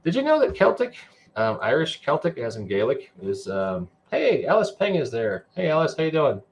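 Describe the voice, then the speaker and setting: A man's voice: on the high side, wildly swooping pitch, normal speed. A man hosting a podcast in casual chat, playful and jokey, reading out viewer comments. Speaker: podcast host.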